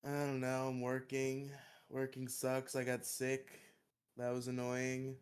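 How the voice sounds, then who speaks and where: A man's voice: medium pitch, completely flat delivery, takes it slowly, clear, resonant tone. A young man, congested and coughing, rambling and swearing casually as a podcast co-host. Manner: swears freely, rambling and defensive.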